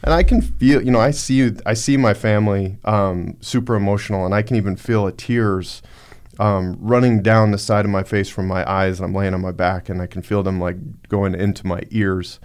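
A man on a podcast, recounting a personal story in a halting, reflective way with many fillers. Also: on the low side, steady tone, a little mellow, clear, resonant tone. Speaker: podcast guest. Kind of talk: casual storytelling.

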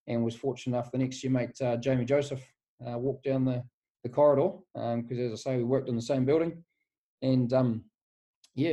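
A man in his forties with a New Zealand accent speaks from his office over a remote call. His voice is warm and mellow. He tells his career story in a relaxed, rambling way, with "mate" in nearly every sentence. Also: mid-range voice. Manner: laid-back, rambling, says "mate" constantly. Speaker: guest, strength and conditioning coach. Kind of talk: casual podcast interview.

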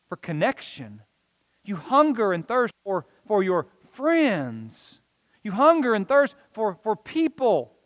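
Pastor guy preaching, high voice, earnest and emphatic, long echo like a big church. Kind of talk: sermon.

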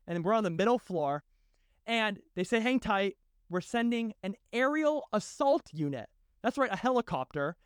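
High-voiced young man spinning a yarn. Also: dry recording, studio quality. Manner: animated, slangy, bro-ish delivery. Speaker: podcast host telling a personal story. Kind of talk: casual storytelling.

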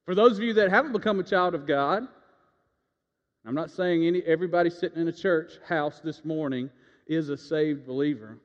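A man with a slightly high voice preaches briskly in a church sanctuary, telling a folksy personal story. He leads his congregation in call-and-response, and the sound is reverberant, dull, and lo-fi.

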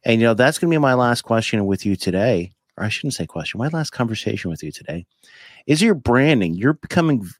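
A man's voice: mid-range voice, very animated, fast talker, no room sound, studio quality. A man hosting a podcast, who asks rambling questions and keeps correcting himself in a casual chat. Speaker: podcast host.

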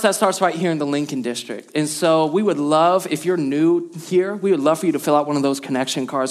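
High-voiced pastor preaching. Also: male voice. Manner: energetic, emphatic repetition, call and response. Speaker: lead pastor. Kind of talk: sermon. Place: church hall.

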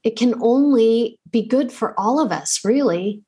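A middle-aged woman hosting a podcast, telling a personal story in a slow, conversational way with fillers. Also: fairly high pitch, animated, warm tone, husky. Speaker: podcast host.

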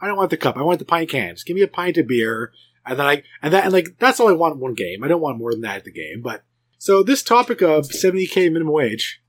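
Rambling, animated man telling stories. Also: on the high side, fast. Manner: rambling storyteller, animated, many restarts. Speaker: podcast host. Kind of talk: casual chat.

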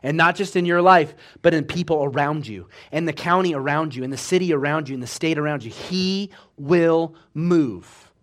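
A man preaching a sermon, telling a story with lively acted-out quotes and swinging between loud bursts and hushed passages. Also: a little high, normal speed, few pauses.

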